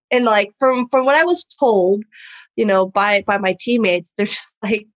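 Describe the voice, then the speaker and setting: A woman's voice: medium pitch, measured pace, dry recording, lo-fi sound. A young woman in casual chat, a jiu-jitsu fighter telling stories and acting out her mother's voice, laughing often. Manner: chatty storyteller, acts out her mom's voice, laughs often.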